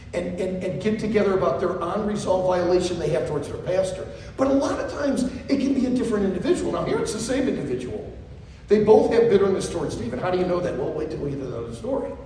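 A high, lively male preacher tells a story to college students, repeating phrases for effect. His voice rings around a large hall with long reverb, picked up from a distance. Faint room noise sits underneath. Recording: echoey hall from far off.

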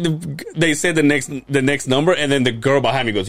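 A man's voice: medium pitch, a little fast, no room sound. A man co-hosting a podcast, telling a long rambling story in casual chat, swearing often and acting out what others said. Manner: rambling storyteller, swears a lot, acts out quotes. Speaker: podcast co-host.

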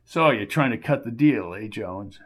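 A man's voice: fairly low pitch, lively intonation, moderate pace, voice pushed down, lightly acted. A man voicing an older, boastful schemer who needles everyone in a smug, self-important way. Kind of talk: audiobook character voice.

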